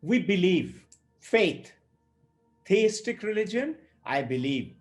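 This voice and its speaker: A man explains scripture in a high, lifted voice, taking his time over each phrase. He tells his points as stories and slips into the voices of the people in them. Faint music plays behind him. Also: sing-song, takes it slowly. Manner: storytelling, acts out quoted speakers. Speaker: spiritual teacher.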